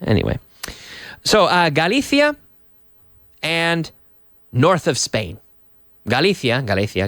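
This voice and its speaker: Lively English teacher man. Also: fairly high pitch, dry recording, studio quality. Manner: explains slowly, repeats examples, mixes in Spanish. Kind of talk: classroom lesson on TV. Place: TV studio.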